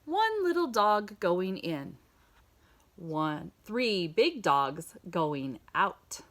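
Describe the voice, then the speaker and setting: A woman reading a children's picture book aloud in a sing-song storytime voice, pausing to ask the listener questions. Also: on the low side, big pitch swings, fairly bright tone.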